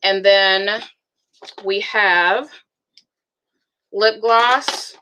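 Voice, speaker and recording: A woman's voice: medium pitch, fairly even intonation, drawn-out words, bright, forceful tone, a little hiss or hum. A woman presenting makeup in a live demonstration, chatty and upbeat, calling viewers girlfriend. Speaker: beauty product presenter.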